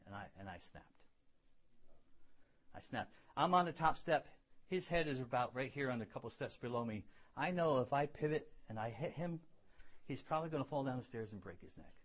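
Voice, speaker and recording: A husky, slightly breathy man preaches a sermon built around his own story. He swings from loud, emphatic peaks down to hushed, quiet lines. He often repeats a word or two as he works toward a point, all at a mid-range pitch. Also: animated, brisk. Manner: repeats words when building a point. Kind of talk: sermon with personal testimony.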